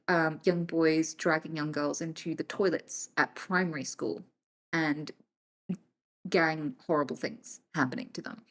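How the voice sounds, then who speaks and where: A woman's voice: sits low, fairly bright tone. A British woman streaming live, answering her chat casually and bluntly, swearing freely and moving between jokes and serious points.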